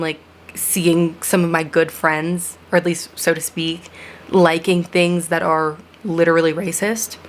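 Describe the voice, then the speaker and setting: A young woman talking to her channel's viewers in a reflective personal vlog, earnest and with sarcastic asides. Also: on the low side. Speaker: vlogger.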